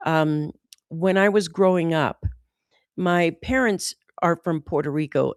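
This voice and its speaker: An American woman talking casually as a host, animated and often saying "like". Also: low voice, measured pace, no room sound, studio quality. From United States. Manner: animated, says "like" often, mimics accents. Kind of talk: casual conversation.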